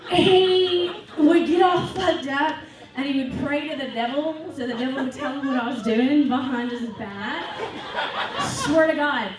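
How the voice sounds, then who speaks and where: A woman's voice: sits high, normal speed, background noise. A woman doing a brash, profane stand-up comedy set on a club stage. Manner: brash, profane, animated storytelling. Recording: echoey club from a distance with crowd. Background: audience laughing.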